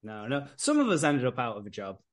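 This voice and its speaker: A man's voice: mid-range voice, wildly swooping pitch, brisk. British guy hosting a podcast, voice bouncing all over, joking around. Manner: playful, laughing. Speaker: podcast host. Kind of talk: casual chat.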